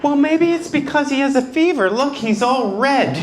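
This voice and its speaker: A fussy, sharp-tongued old mother who nags and snipes, as a comedian puts her on. Her voice sits high and prim, with the club audience laughing around it. She doles out one-liners and scolds her grown son. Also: animated, normal speed, background noise. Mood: fussing. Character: nagging elderly mother with arthritis, sharp-tongued.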